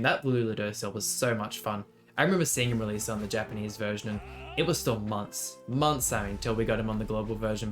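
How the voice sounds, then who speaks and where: A man giving casual commentary over his own gameplay for a video, thinking aloud with fillers and restarts. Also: lowish voice. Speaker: gaming video creator.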